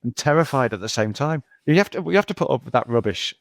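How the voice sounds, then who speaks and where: Gravelly middle-aged man, rambling talk. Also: mid-range voice, lively intonation, quick pace, no room sound. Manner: rambling, anecdotal, many repeats and "you know". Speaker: geologist guest. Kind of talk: casual podcast conversation.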